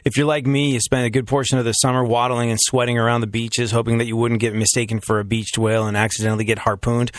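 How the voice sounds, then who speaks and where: A man's voice: mid-range voice, flat delivery, fast talker, hardly any pauses, no room sound, studio quality. A man hosting a talk show in a joking, self-mocking monologue, acting out his own voice in quotes. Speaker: radio show host. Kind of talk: casual monologue.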